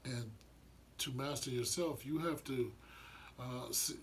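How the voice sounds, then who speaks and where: A man's voice: medium pitch, slow pace, slight background noise. A man giving an earnest, rambling monologue about spiritual matters, often restarting his sentences. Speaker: vlogger sharing spiritual views. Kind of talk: casual reflective monologue.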